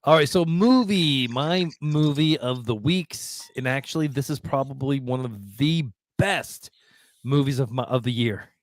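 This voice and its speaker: A man's voice: medium pitch, unhurried, no room sound. Enthusiastic male podcast co-host. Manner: enthusiastic, rambling movie praise. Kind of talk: casual chat.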